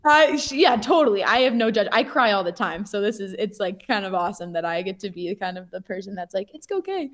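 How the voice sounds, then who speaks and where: A young woman, a pro skier, telling a story in a casual, animated way with lots of fillers and laughter. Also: mid-range voice, fast talker, hardly any pauses.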